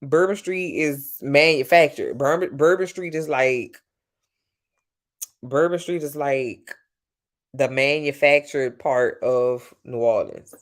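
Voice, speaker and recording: A Southern-accented woman from Louisiana hosts a livestream, chatting casually with viewers at a slow pace. She swears freely and her pitch jumps up and down.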